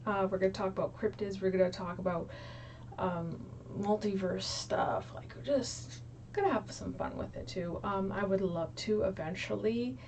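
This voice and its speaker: In a small room, a young YouTube creator chats casually with her viewers at a moderate pace, her mid-range voice darkish in tone and peppered with ums and likes. A low, distant mic captures her, along with slight background noise.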